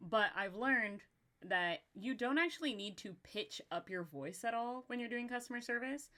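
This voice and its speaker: Upbeat young woman with slight vocal fry. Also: fairly high pitch, normal speed. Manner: animated, laughs often, swears casually. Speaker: podcast host. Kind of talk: casual chat.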